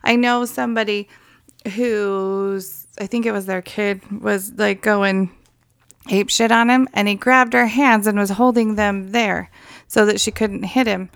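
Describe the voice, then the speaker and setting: Gravelly, smooth-voiced woman in dry close sound. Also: medium pitch, steady tone, dry recording. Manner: chatty, quick to agree and add her own view. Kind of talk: casual chat.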